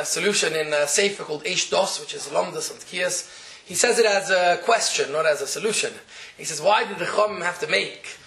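A man with a high voice gives a religious law lecture and works through each step methodically, repeating it for his listeners. The room is echoey. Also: a bit bright. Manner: methodical, repeats steps to explain. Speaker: teacher.

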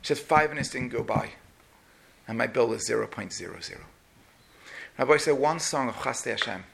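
A man's voice: medium pitch, normal speed, vocal fry. A man preaching a sermon, telling a story and acting out the voices of the people in it. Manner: animated, acts out each person's voice.

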